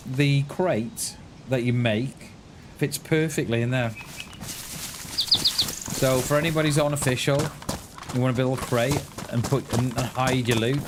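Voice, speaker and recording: A man's voice: medium pitch, noisy background. A man chatting casually while live-streaming a survival game, thinking aloud with lots of restarts and little chuckles.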